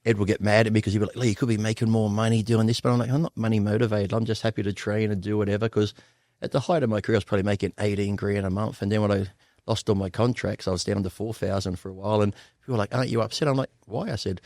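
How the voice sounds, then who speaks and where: Fast-talking Australian man, blunt and profane. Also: fairly low pitch, fairly even intonation, darkish tone, dry recording, studio quality. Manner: rapid, profane anecdotes with acted-out quotes. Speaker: guest. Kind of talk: casual storytelling interview.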